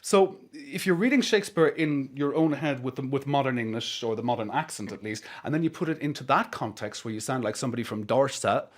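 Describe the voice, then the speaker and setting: A man's voice: medium pitch, lively intonation, brisk, few pauses. A man hosting a radio interview, asking long, chatty questions with frequent restarts. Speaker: radio host.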